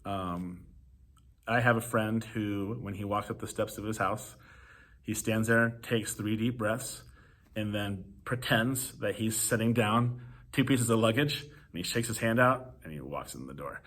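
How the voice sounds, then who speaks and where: A man hosting a podcast, giving casual advice to teachers and parents in a relaxed, conversational way full of ums and "you know". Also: on the low side. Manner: relaxed, filler-heavy, conversational. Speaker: podcast host.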